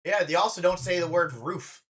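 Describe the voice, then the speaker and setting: A man's voice: high voice, brisk, a bit bright. A man, a drag performer, hosting a casual reaction stream with chatty, playful teasing.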